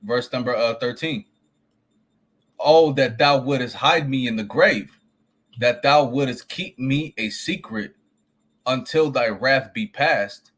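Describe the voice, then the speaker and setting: A man with a husky voice reads old-style scripture slowly, one phrase at a time. He sounds distant and lo-fi, like he is joining in over a call. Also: mid-range voice, fairly bright tone. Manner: slow, deliberate reading of King James verses. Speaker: scripture reader. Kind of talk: reading scripture aloud.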